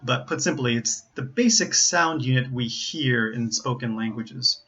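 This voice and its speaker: A man's voice: medium pitch, sharp tone, lo-fi sound. Careful American man teaching pronunciation. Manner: slow, careful, repeats example words. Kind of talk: explaining pronunciation to learners.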